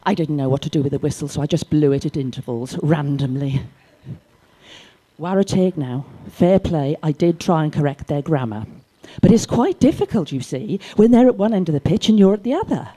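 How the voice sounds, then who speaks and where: A woman's voice: low voice, expressive, normal speed, breathy edge. Older woman telling a comic story. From Wales. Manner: dry storytelling with loud acted shouts. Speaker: stand-up comic. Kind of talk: stand-up comedy storytelling. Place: library comedy gig.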